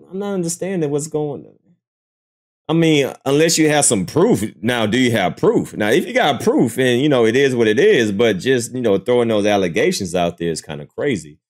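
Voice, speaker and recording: Watching clips live on stream, a man offers casual, mocking commentary. He's animated throughout, and his voice jumps into high squeals whenever he can't believe what he's seeing.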